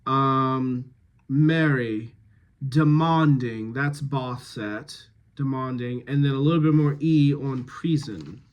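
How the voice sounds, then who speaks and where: A man giving dialect notes to actors after a rehearsal, thinking aloud with many pauses and fillers. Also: mid-range voice.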